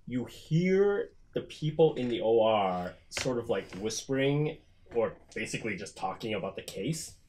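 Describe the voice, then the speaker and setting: Male game master, relaxed rambling narration, faint hiss behind. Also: mid-range voice, a little slow. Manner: casual, rambling description with many fillers. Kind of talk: narrating a tabletop horror game.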